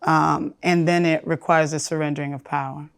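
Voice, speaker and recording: A woman speaking thoughtfully and in a measured way in a panel conversation. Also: low voice, little pitch movement, clean tone.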